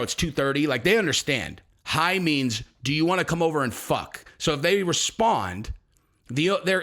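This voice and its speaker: A man's voice: fairly high pitch, a bit bright. Rambling, foul-mouthed male comedian. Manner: loose, rambling, profane delivery. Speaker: comedian host. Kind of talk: comedic commentary.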